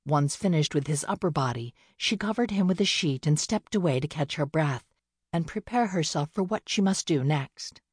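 Audiobook narrator: woman, lowish husky voice, measured reading, dry close mic. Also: dry recording. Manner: steady, measured storytelling. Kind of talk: scripted narration.

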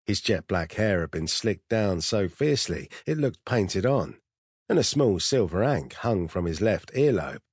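A man reading a first-person story aloud in a dry, wry, measured way. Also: deep voice, very animated, darkish tone, slightly rough, dry recording. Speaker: audiobook narrator. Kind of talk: first-person scripted narration.

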